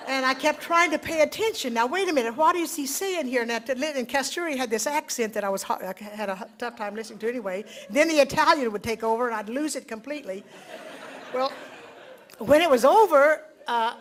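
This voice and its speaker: Older woman telling a devotional story. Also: on the high side. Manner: earnest, reflective, with dramatic quiet drops and rising exclamations. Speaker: speaker at a devotional meeting. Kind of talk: personal storytelling talk.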